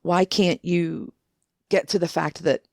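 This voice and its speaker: A low-pitched woman speaks as a podcast guest, recounting stories with emphatic, indignant stress and frequent restarts. Her voice is close to the mic and dry, with no room sound. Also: steady tone, slow pace, vocal fry, a little mellow, no echo. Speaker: guest, book contributor. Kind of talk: animated conversational storytelling.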